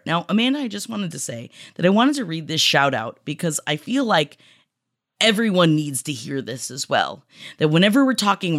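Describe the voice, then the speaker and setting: A woman hosting a podcast, reading listener shout-outs in a gushing, emotional way, teary and laughing. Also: sits low. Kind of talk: casual podcast chat.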